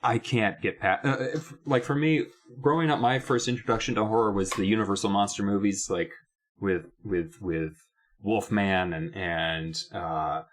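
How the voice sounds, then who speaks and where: A man's voice: fairly low pitch, steady tone, normal speed. A man co-hosting a casual podcast about a kids' horror book, rambling and restarting, with mock-outraged asides. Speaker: podcast co-host. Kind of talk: casual book-club chat.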